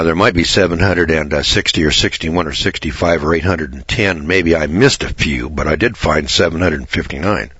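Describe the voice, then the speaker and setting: A man telling a story in a sermon, folksy and stammering, restarting phrases and often clearing his throat. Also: very deep voice, bright, forceful tone, no room sound, dull audio.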